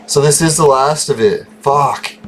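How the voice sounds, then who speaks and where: Brief: male gaming host, mid-pitched, chuckling, foul-mouthed rambling, faint hiss behind. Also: normal speed. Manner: laughs often, swears freely, rambling. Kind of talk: casual gameplay commentary.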